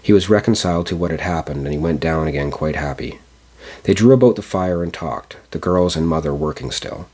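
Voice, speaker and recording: A man narrating a classic storybook aloud, measured, with small stumbles. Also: very deep voice, lively intonation, darkish tone. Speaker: audiobook narrator. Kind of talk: storybook reading.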